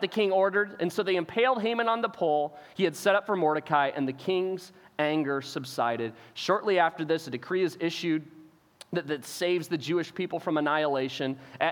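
Midwestern male pastor, animated storyteller, high voice, long church reverb. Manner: animated storytelling, acts out quotes, frequent restarts. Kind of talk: sermon. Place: church auditorium.

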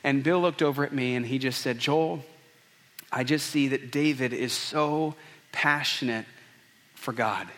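A man's voice: high voice, a bit bright. A man preaching a conversational, earnest sermon, often restarting his sentences. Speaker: pastor.

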